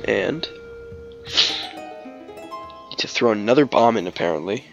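A man's voice: fairly low pitch, lively intonation, a little slow, gravelly, highs cut off, soft background music. A man narrating his gameplay in a casual, rambling way, full of "like" and restarts, with jokes and snatches of song. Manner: jokey, breaks into snatches of song and silly voices. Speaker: let's play host.

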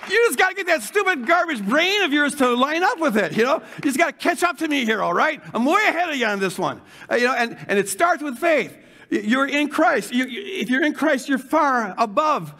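An older man preaching a sermon, moving from fervent shouting to hushed guided imagining. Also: very high voice, lively intonation, a little fast, some chatter behind. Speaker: pastor.

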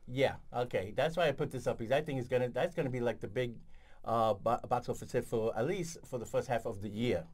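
A man co-hosting a casual film review chat, relaxed and halting, often searching for names with many fillers. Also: medium pitch. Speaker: co-host.

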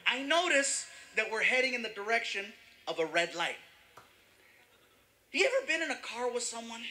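A man doing stand-up comedy, telling an animated story and shouting some punchlines. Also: high voice, slight background noise.

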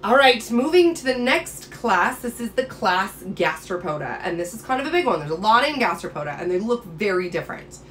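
A woman's voice: medium pitch, very animated, brisk, few pauses, fairly bright tone, a little hiss or hum. Upbeat woman teaching biology. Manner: enthusiastic, chatty, playful. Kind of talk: casual classroom lecture.

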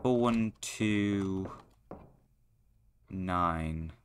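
A young man giving foul-mouthed, excitable commentary while playing a horror game, yelling at what scares him. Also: low voice, drawn-out words, clear, resonant tone. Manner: swearing, excitable, shouting at the game. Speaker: gaming YouTuber.

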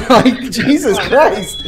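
A man streaming a social deduction game, talking in animated, defensive casual voice chat over a headset mic. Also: extremely high pitch, a crowd in the background. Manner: animated, defensive, quick to laugh.

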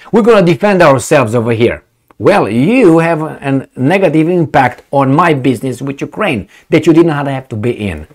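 Animated ranting male commentator. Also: on the high side. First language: not English. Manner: animated, ranting, with many fillers and restarts. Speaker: commentary channel host. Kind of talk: opinionated monologue.

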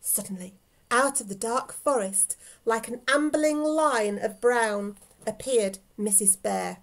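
A woman, a teacher reading a story aloud to children, with gentle asides to her dog. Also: on the high side, slow.

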